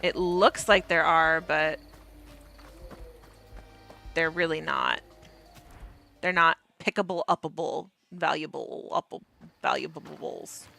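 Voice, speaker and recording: Bright-voiced woman chatting through a game. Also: deep voice, fairly even intonation, slow, gravelly, pauses often, soft background music. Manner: playful, giggly, thinks aloud. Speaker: gaming streamer. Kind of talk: casual gameplay commentary.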